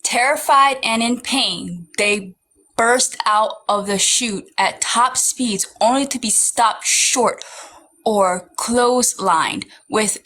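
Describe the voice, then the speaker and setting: A woman guest on a live stream who talks quickly and reads a text out loud. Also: on the high side, poor audio. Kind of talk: casual chat and reading aloud.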